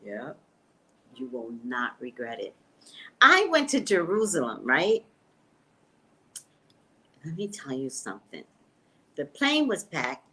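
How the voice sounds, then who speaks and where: A woman's voice: mid-range voice, fairly bright tone. A middle-aged woman, a psychic reader, chatting casually with her live-stream viewers, exclaiming and laughing often.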